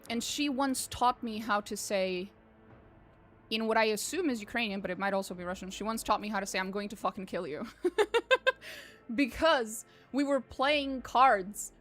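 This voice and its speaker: A woman's voice: a little high, measured pace, fairly bright tone, faint music behind. A young woman streaming a game, chatting casually with her viewers, swearing and laughing often. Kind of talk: casual chat while gaming.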